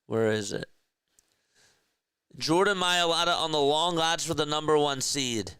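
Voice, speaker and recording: A man's voice: on the high side, unhurried, pauses often, sharp tone, clear, resonant tone, no room sound. A man calling a game live as a play-by-play streamer, casually chatting with viewers between plays.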